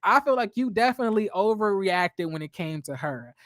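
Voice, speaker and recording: A woman's voice: mid-range voice, lively intonation, brisk, a bit bright, dry recording, studio quality. A woman casually recapping a reality TV episode, talking bluntly and chatty, with frequent laughter and cursing.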